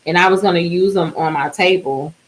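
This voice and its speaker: A worn-out woman talks to her viewers in a loose, rambling way, trailing off and restarting her thoughts. Her voice sits a little low and sounds sleepy. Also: fairly quick, a little hiss or hum, low-quality recording. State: exhausted, yawning. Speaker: DIY vlogger. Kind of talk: casual chat.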